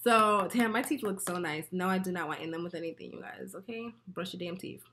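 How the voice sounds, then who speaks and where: A woman vlogger chatting casually while doing her makeup, telling a story in an animated, profane way with frequent laughter. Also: on the low side, brisk, a little hiss or hum. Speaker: beauty vlogger.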